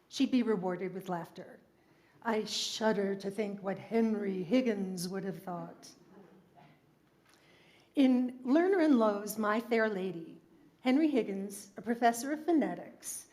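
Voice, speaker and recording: A woman from New York City, a singer and cabaret performer, telling a story between show tunes in a measured, articulate way. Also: medium pitch, darkish tone. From New York City, USA.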